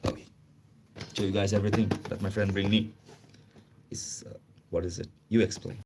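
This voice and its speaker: A man's voice: on the low side, steady tone, background noise. Man hosting a chatty livestream. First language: Chinese. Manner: halting non-native English, chatty, laughs often. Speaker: livestream host. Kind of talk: casual livestream chat.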